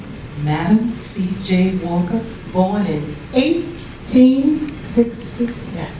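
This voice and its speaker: A woman's voice: a little high, mellow, slight background noise. A woman performing as a proud historic businesswoman, declaiming a theatrical monologue and leading an audience chant in an event hall. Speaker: performer in character. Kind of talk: dramatic monologue with call-and-response. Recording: echoey hall from far off.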